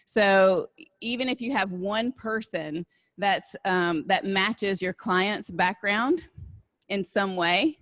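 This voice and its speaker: A woman's voice: mid-range voice, takes it slowly, a bit bright, no room sound. Woman speaker with a Southern accent. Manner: conversational, asks "right?" often. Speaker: diversity and inclusion speaker. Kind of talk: live talk with audience Q&A.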